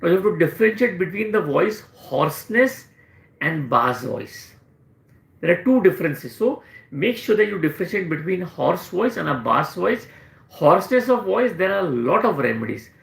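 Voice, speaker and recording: A man with an Indian English accent teaches in a live question-and-answer session. He explains things with repeated emphasis. His voice is high and gravelly, and an echoey room surrounds it. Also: sing-song, fairly quick. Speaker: homeopathic doctor.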